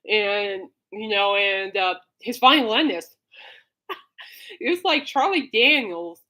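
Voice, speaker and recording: A woman's voice: medium pitch, lively intonation, takes it slowly, pushed and bright. A woman hosting a casual solo podcast, gushing and rambling with many fillers, breaking into coughing fits. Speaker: podcast host.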